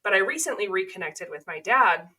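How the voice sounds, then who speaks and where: A woman's voice: mid-range voice, animated, a little fast, sharp tone, rough recording. A woman podcast host from California telling stories in a chatty, casual way, laughing as she goes. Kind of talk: casual conversation.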